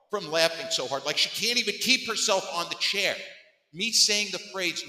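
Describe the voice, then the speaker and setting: Animated man telling a story, echoey room. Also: moderate pace. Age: around 50. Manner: animated, emphatic, voice climbing high when acting exasperated. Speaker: podcast host. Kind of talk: storytelling monologue. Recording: echoey room with long reverb.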